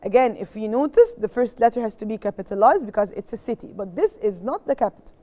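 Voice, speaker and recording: A woman's voice: mid-range voice, expressive, quick pace, warm tone. Egyptian woman teaching English to children. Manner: patient, repeats words and checks understanding; switches between English and Arabic explanations. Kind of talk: classroom lesson to young pupils.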